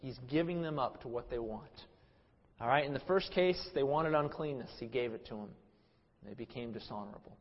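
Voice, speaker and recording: A man preaching an expository Bible sermon, stressing words loudly and then trailing off quietly, often repeating himself. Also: mid-range voice, a little fast. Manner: emphatic, swings between loud stresses and quiet trailing phrases, repeats words. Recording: dull sermon recording with long hall reverb.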